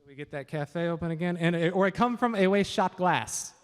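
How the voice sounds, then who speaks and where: Here the Washington state quiz host speaks a little fast in a high, clean voice, chatting upbeat with joking asides on a stage microphone. The recording carries the reverberation of a large event hall.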